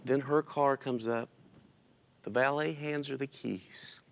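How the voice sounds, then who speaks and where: Heard through a church stream recording, a man shares his story of loss in a casual interview, weeping and emotional as he quotes himself and others. He talks slowly in a gravelly, medium-pitched voice with fairly even intonation.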